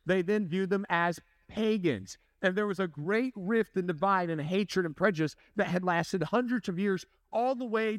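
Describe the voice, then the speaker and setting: A pastor preaches in a relaxed, conversational way, with light jokes and questions to his listeners. His voice sits fairly high. The sound is close and dry, with no room around it. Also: dry recording. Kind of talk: sermon.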